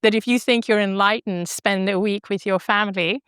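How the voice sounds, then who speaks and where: A middle-aged woman guest on a podcast, telling her story in an animated, expressive way and laughing easily. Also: mid-range voice, moderate pace, clear, resonant tone, no echo, clean studio sound. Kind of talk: storytelling in an interview.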